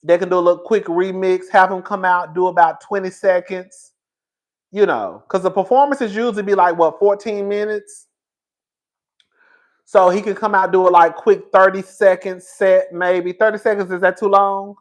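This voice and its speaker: A young man hosting a casual gossip talk show, animated and campy, laughing loudly and using lots of slang. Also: high-pitched, normal speed. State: out of breath. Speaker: host.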